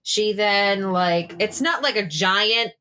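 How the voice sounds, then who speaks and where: A woman describes her character's actions in a casual tabletop game, with lots of fillers and offhand swearing. Her voice is bright and forward, with a middle pitch. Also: slow pace. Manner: rambling, profane, laughing often. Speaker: player. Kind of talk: casual tabletop role-play narration.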